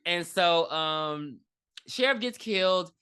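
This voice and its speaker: Podcast co-host, female, lively bright voice, swears freely, acts out scenes as she recaps them. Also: on the low side, slow pace, clear, resonant tone. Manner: profane, animated, acts out characters in her retelling. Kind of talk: casual movie recap chat.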